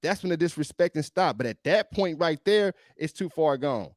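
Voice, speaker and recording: A man's voice: on the high side, animated, normal speed, no room sound, studio quality. A male podcast host giving emphatic, preachy reaction commentary on a video, often repeating himself.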